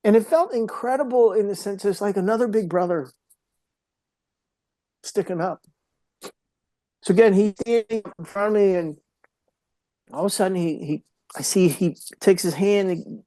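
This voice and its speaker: Man, middle-aged, earnest storytelling, mellow dark voice, dry close sound. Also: high-pitched, normal speed, pauses often, no echo. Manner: earnest, emotional storyteller, drops to a hushed voice at moments. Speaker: podcast guest, mental health speaker. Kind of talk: personal storytelling in an interview.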